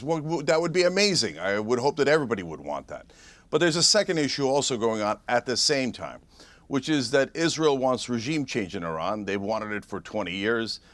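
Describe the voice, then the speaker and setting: A man arguing as a guest on a televised debate panel, forceful and combative. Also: on the low side, dry recording. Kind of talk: heated TV debate.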